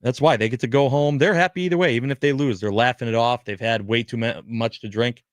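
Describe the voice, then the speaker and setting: A man's voice: mid-range voice, quick pace, dry recording. A man co-hosting a sports radio show, joking and teasing in casual talk. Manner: joking, wrestling references, teasing. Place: radio studio. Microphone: studio microphone.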